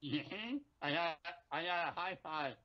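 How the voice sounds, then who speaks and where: Halting, word-repeating man on a lo-fi stream. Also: a little high, expressive. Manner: halting, repeats his words. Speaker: co-host. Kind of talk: casual stream chat. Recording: dull lo-fi sound.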